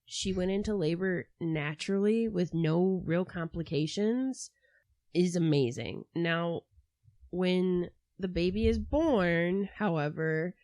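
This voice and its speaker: A woman co-hosting a casual true-crime podcast, talking in an animated way with mocking asides about the people in the case. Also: fairly low pitch, takes it slowly, dry recording. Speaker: podcast co-host.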